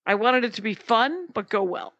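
Bright-voiced woman, rambling casual chat. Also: fairly high pitch, lively intonation, moderate pace, no echo, lo-fi sound. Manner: meandering, lots of fillers and restarts. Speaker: podcast co-host, comedian.

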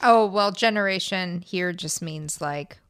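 A woman's voice: mid-range voice, lively intonation, normal speed, a bit bright. A woman co-hosting a podcast, chatting casually in an amused, conversational way. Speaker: podcast co-host.

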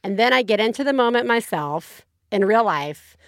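A woman in her thirties, higher-pitched than most, co-hosts a casual parenting podcast. She tells her stories in an animated way and slips into sing-song voices. The sound is dry and close, with almost no room. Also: normal speed, no echo. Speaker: podcast co-host. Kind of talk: casual chat.

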